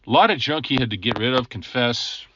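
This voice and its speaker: A man's voice: medium pitch, lively intonation, fairly quick, a bit bright, dull audio, slight background noise. A man, a ministry coach, telling a personal conversion story in an earnest, chatty teaching style with frequent chuckles and asides to the listener.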